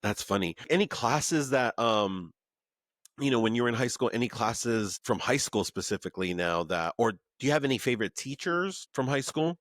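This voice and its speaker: A man's voice: medium pitch, lively intonation, normal speed, a bit bright, no echo, studio quality. A man in his thirties from the Pacific Northwest hosts a remote podcast, asking chatty questions full of "like" and "man". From Pacific Northwest, USA. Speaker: podcast host. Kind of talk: casual remote podcast interview. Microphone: remote recording, podcast mic.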